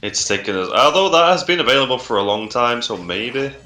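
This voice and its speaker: A man's voice: medium pitch, lively intonation, a little fast, pushed and bright, echoey room, soft background music. A man with a Yorkshire accent commentating a game in casual, dryly sarcastic banter.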